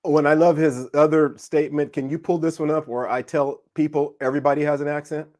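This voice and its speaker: A man from California telling a story in a casual live discussion, animated and acting out voices. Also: a little high, a little fast. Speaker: co-host.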